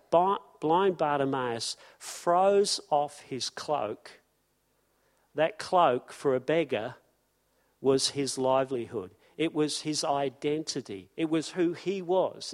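A man preaching a sermon in an earnest manner, repeating key phrases for emphasis. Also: on the high side.

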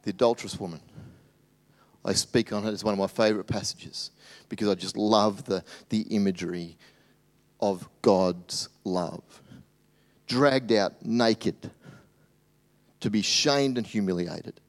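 A man preaching a sermon as pastor, swinging between loud animated bursts and hushed, tender asides. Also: lowish voice, measured pace.

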